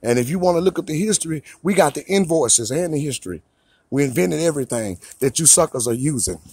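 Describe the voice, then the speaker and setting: Husky, slightly high-pitched man from the US, ranting in a dry room, confrontational and repetitive. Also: animated, fast, a little mellow, dry recording. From United States. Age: adult father of a young son. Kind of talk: ranting monologue to camera.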